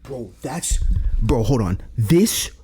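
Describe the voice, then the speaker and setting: Excitable young man reacting to a game. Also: mid-range voice, slow, breathy edge. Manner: excitable, swears, exclaims. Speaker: let's play streamer. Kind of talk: reading game dialogue and reacting.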